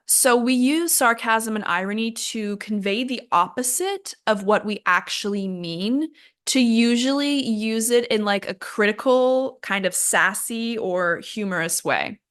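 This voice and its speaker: A woman's voice: medium pitch, fairly bright tone. A young woman teaching an English lesson in a casual, chatty way, laughing at herself and using lots of fillers.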